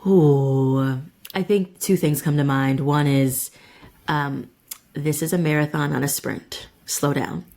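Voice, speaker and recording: A woman's voice: low-pitched, fairly even intonation, slow, a little mellow. A woman guest on a podcast, a caregiver speaking candidly and reflectively about her experience. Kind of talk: podcast interview.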